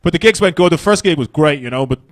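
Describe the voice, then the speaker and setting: A man's voice: fairly high pitch, expressive, fast talker, dry recording. An Irish man doing stand-up comedy on a festival stage, brash and profane, rambling through his stories.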